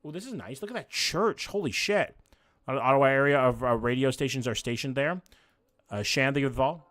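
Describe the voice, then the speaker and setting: A man, chatting casually and quickly as he reacts to places live on stream and talks to his chat. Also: mid-range voice, a bit bright. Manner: fast, casual, swears freely.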